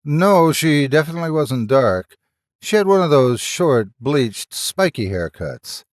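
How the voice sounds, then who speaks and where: A man's voice: on the high side, sing-song, unhurried, no room sound, studio quality, pitched above the performer's own voice. A man voicing a young male doctor who talks hesitantly and apologetically, stumbling over his words. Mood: uneasy.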